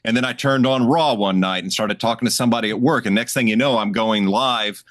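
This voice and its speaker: A man hosting a casual podcast chat, relaxed and laughing easily. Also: medium pitch, a little fast, no echo, clean studio sound. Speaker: podcast host.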